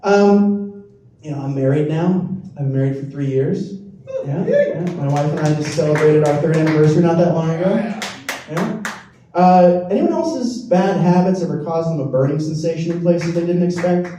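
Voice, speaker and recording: A man's voice: fairly high pitch, normal speed, dark tone, a little hiss or hum. A young man doing a rambling, self-deprecating stand-up set on a comedy club stage. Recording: roomy, distant club recording. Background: audience laughter.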